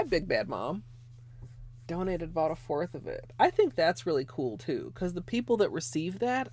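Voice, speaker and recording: A woman's voice: fairly low pitch, mellow, slightly rough. Chatty rambling woman streamer. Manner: rambling and chatty, full of "like" fillers, answers chat comments. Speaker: nail polish livestream host. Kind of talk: casual livestream chat with viewers. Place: her bedroom at home. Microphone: desk mic, moves away from it at times.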